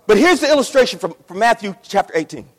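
This pastor's voice is high-pitched and swings widely in pitch as he delivers a fast sermon. Passionate throughout, he keeps repeating phrases and performs the voices of people in his story, all echoing with a large hall's long reverb.

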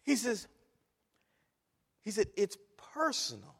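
Male preacher, high voice, dynamic delivery from whisper to shout, long church-hall reverb. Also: wildly swooping pitch, takes it slowly, vocal fry, slightly rough. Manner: dynamic, swings from hushed whispers to loud exhortation. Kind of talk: sermon.

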